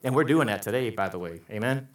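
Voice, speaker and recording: A man's voice: on the low side, animated, fast. A man pastor delivering a sermon with emphatic, fervent preaching that climbs to passionate peaks. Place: church sanctuary. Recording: roomy church sound from a distance, faint music.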